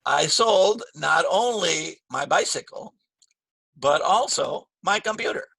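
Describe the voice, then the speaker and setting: A man teaching an English grammar lesson, slow and patient, repeating key phrases with stress. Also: fairly high pitch, expressive, vocal fry, sharp tone, husky, no room sound.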